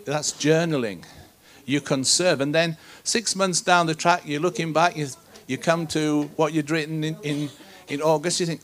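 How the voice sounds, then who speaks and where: A man delivers a sermon to a gathered congregation, his voice sitting a little higher than most men's. He teaches in an earnest, conversational way, often posing questions to his listeners. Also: fairly even intonation, moderate pace, fairly bright tone. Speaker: preacher.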